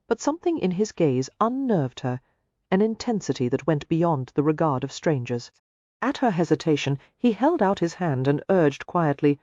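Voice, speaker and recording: Expressive woman narrating an audiobook. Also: deep voice, dry recording, muffled recording. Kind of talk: scripted narration.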